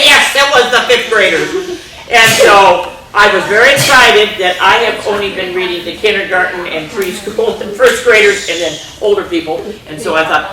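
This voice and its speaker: An older woman reading a storybook aloud to children, animated and playful, hushing them now and then. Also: mid-range voice, moderate pace, a crowd in the background. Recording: echoey room, distant mic.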